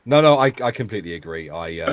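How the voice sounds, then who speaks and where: A man with a very deep voice rambles through casual stream banter, stumbling over his words and chuckling along the way. His voice sounds dry and close, with no room around it. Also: a bit bright, no room sound. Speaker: guest co-host. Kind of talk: casual live-stream chat.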